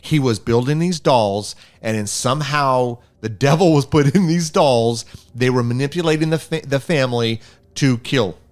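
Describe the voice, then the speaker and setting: This is a man co-hosting a film review podcast in relaxed conversation. His voice sits at an ordinary middle pitch. He thinks out loud, asks questions and often circles back to restart a thought. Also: moderate pace. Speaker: podcast co-host. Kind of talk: casual film review chat.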